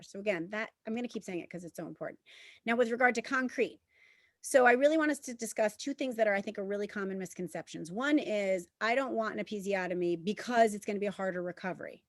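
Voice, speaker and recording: A woman's voice: a little high, no room sound, studio quality. A woman obstetrician explaining birth to listeners in casual chat, earnest and insistent.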